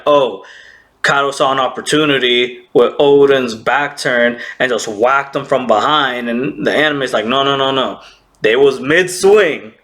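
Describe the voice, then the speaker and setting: A man casually recapping an anime episode, excitable, laughing often and acting out characters' lines. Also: mid-range voice.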